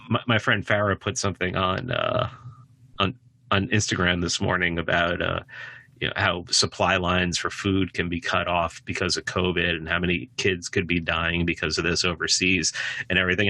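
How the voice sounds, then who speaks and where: A man talks as a podcast guest in a rambling, casual way. He restarts his sentences and leans on filler phrases, and his pitch jumps suddenly when he gets animated. His voice sits fairly low with a forceful, bright edge, recorded dry and close. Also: dry recording. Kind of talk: casual conversation.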